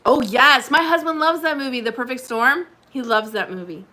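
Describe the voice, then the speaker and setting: A woman's voice: high-pitched, moderate pace, bright, forceful tone, poor audio. A woman hosting a casual livestream from home, chatting with viewers, reading their comments and laughing often. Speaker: livestream host. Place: home indoors by a window.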